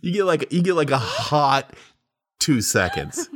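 A man's voice: fairly high pitch, very animated, a little slow, background noise. A man ribbing his friends with dry remarks during casual podcast chat.

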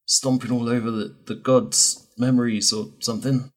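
A woman's voice: a bass voice, level tone, moderate pace, darkish tone, pitched below the performer's own voice. A woman doing a stammering timid skeleton man. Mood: flustered. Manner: hesitant, stammering. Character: timid male skeleton companion.

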